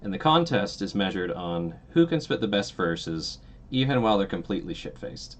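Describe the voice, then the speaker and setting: A very deep-voiced man narrates a tabletop game as its game master. He rambles comfortably through the scene with plenty of fillers, and a faint hum of the room sits under his voice. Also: normal speed. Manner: relaxed and meandering, with many fillers.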